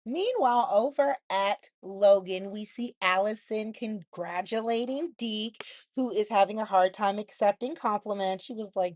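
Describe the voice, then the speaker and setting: A woman's voice: medium pitch, measured pace, darkish tone, no room sound. A woman hosting a soap opera recap, giving blunt, sassy commentary full of "like" and asides. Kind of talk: casual opinionated recap.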